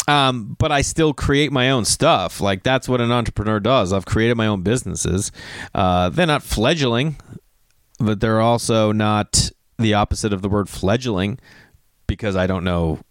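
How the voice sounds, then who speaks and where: A man's voice: fairly low pitch, unhurried, clear, resonant tone, dry recording, clean studio sound. A middle-aged man hosting a podcast, rambling through a profane story with lots of digressions and acted-out quotes. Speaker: podcast host. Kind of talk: casual rambling monologue.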